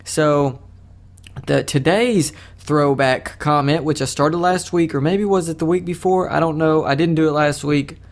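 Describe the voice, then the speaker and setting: A man's voice: a little high, fairly even intonation, unhurried. A young man hosting a solo podcast, rambling in a casual, self-mocking way with crude jokes. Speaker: podcast host.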